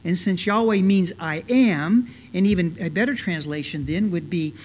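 A man's voice: high-pitched, moderate pace. A man preaching an expository sermon as a pastor, talking conversationally with frequent fillers and restarts, growing earnest when he stresses a point. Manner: conversational, many "you know" fillers and restarts; earnest, rising with emphasis.

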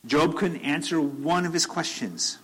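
A preacher with a somewhat high, slightly bright and breathy voice speaks unhurriedly, in a casual, conversational manner, on a rough recording. He repeats his phrases and, to make a point, his voice climbs into emphatic, urgent questioning.

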